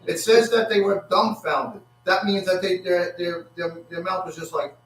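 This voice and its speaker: Halting preacher in an echoey room. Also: male voice, sits high. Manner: halting, repeats words, acts out quotes with rising excitement. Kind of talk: sermon. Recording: echoey room from far off with faint hum.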